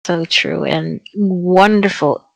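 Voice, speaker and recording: A woman hosting an interview, asking questions and affirming her guest warmly. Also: fairly low pitch, slow, gravelly, low-quality recording. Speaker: interview host.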